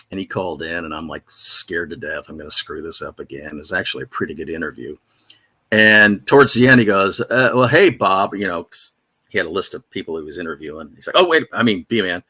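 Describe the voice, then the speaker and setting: Low, bright-toned man telling stories. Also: dry recording. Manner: rambling, self-deprecating anecdotes with many fillers. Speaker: radio DJ guest. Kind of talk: casual storytelling interview. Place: radio studio.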